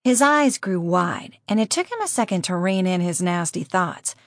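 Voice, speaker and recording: A woman narrating an audiobook in a steady, measured reading voice. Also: lowish voice, no room sound, clean studio sound. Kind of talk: scripted narration.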